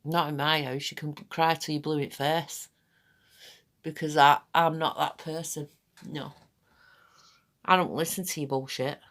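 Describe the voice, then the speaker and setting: A woman's voice: low voice, fairly even intonation, a little slow, long pauses, fairly bright tone. Rambling, blunt woman. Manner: rambling, chatty, blunt and swearing. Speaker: aesthetics practitioner. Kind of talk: casual chat while demonstrating.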